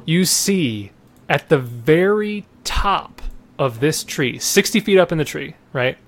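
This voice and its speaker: A man narrating as game master in a casual, halting way, full of fillers and restarts. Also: a little high, lively intonation.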